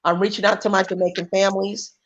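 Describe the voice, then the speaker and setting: A woman's voice: mid-range voice, little pitch movement, fast, muffled recording. A woman talking on a livestream call as a guest, emphatic and often restarting her sentences. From United States. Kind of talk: casual chat.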